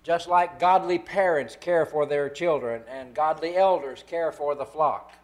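A man preaching a sermon, stressing key words slowly. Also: fairly high pitch.

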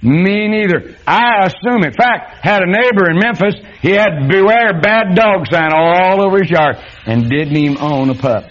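A man preaching a sermon, reading scripture and then speaking in a folksy, dramatic way that swings between loud and hushed. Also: sits high, normal speed, hardly any pauses. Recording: dull lo-fi sound.

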